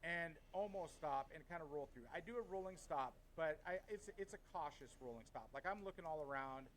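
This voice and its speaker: A middle-aged man from Washington State telling a story in a casual podcast chat, heated, swearing often, and animated. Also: a little high, brisk, slight background noise, poor audio. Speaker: podcast co-host.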